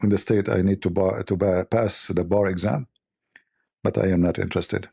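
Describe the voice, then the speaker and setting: Gravelly, mocking livestream host man. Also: low voice, steady tone, normal speed, dark tone. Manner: mocking, sarcastic, rambling. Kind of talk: casual livestream commentary.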